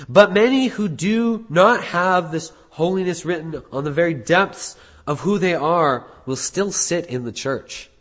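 A man delivers an earnest sermon in a church sanctuary, his voice pitched a little high with a husky edge. He builds to emphatic peaks and then sinks to quieter, heavier lines. Long reverb from the hall hangs after every phrase. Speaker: pastor.

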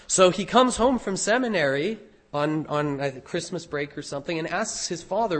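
A man's voice: on the high side, lively intonation. Earnest man preaching a sermon. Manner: earnest, deliberate preaching with emphatic rises. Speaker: pastor.

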